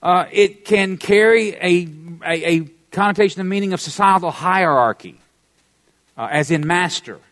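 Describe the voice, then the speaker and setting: A man with a Southern American accent preaches with rising emphasis, his voice swinging widely in pitch and volume. He is middle-aged, and his delivery carries a folksy, teasing streak. The sound is dry and close, with no room around it. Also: no echo. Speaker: pastor. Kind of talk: sermon.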